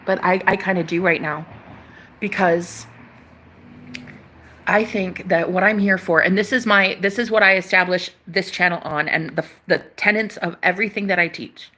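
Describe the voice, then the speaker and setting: Bright-voiced woman preaching to camera. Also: mid-range voice, normal speed. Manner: emphatic, preachy, swears casually, calls viewers baby. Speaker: spiritual channel host. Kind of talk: casual spiritual talk to camera.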